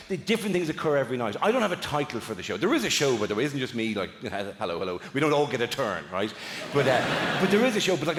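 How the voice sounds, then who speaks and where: A man with an Irish accent doing an animated stand-up routine with crowd work on a theatre stage. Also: a little high. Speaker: stand-up comedian. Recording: echoey theatre with audience noise.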